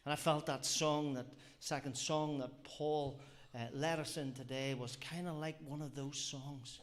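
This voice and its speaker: A man's voice: a little high, steady tone, a little slow. A man preaching a sermon, earnest and reflective, often repeating phrases and asking rhetorical questions. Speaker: lay preacher.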